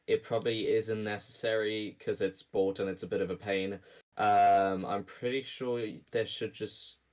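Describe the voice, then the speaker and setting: A man acting as game master on an online call, relaxed and teasing, rambling through rules. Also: fairly low pitch, moderate pace. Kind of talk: casual online tabletop session chat.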